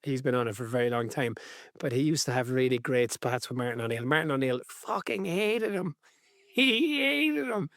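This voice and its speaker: A man from Ireland co-hosting a casual podcast, telling stories in a relaxed, wry way. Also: medium pitch, brisk, no room sound, studio quality. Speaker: podcast co-host. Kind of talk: casual chat.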